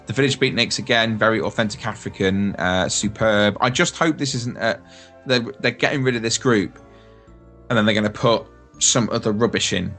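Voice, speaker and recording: A man's voice: on the low side, normal speed, a bit bright, faint music behind. A man hosting a casual podcast chat, rambling and enthusiastic as he talks through theme park news. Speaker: podcast host.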